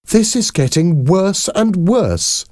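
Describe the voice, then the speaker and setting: A man voicing a flustered mother in a storybook reading, lifting his voice high for her exclamations. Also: huge pitch swings, a little slow, warm tone, no echo, studio quality. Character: frightened woman, a mother, fussing and shrill.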